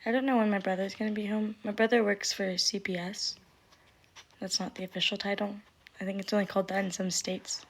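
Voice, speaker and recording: A young woman in her twenties chatting casually on a livestream, a little tipsy and breathing heavily, rambling and self-deprecating, often sinking into a hushed murmur. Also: mid-range voice, flat delivery, a little fast, husky.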